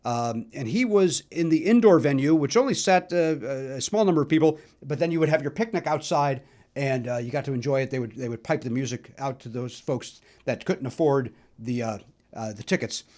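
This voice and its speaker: A middle-aged man from the Chicago area hosting a solo podcast, telling stories in a chatty, animated way with lots of fillers. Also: medium pitch, a little fast. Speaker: podcast host. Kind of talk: solo musical nostalgia talk.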